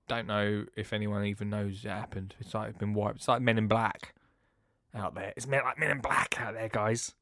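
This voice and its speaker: A man hosting a podcast in a rambling, chatty way, swinging between loud bursts and hushed asides. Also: lowish voice, creaky, dry recording, clean studio sound. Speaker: podcast host. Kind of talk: casual chat.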